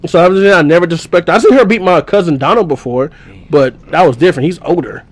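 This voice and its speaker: Young man, high voice, animated casual storytelling, sound effects, podcast chat. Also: fast talker. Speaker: podcast host.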